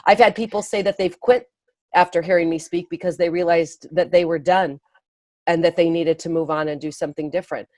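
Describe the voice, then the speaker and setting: An early education speaker and author appears as a guest, explaining her ideas in a conversational interview marked by quick laughs and restarts. Her voice sits on the low side with fairly even intonation and a slightly mellow quality, recorded dry.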